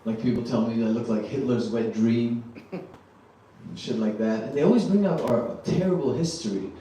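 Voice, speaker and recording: A man in his thirties from Germany doing a stand-up set, loose and halting with lots of ums and frequent laughter at his own jokes. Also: medium pitch, dark tone. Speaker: stand-up comedian. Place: small comedy venue. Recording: roomy, distant club mic with faint noise.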